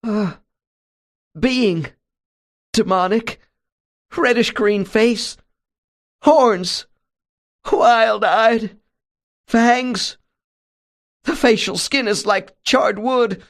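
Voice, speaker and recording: A man voicing a terrified fiery preacher from the 1920s who cries out in a shrill, panicked voice. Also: expressive, unhurried, fairly bright tone. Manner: panicked, crying out.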